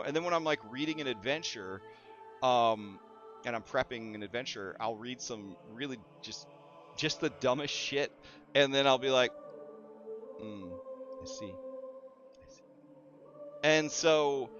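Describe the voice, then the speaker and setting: Young male streamer, high-ish voice, unhurried, giggly and profane. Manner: laughs often, swears, animated storytelling. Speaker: VTuber streamer. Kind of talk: casual live-stream chat. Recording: slightly dull stream audio with music.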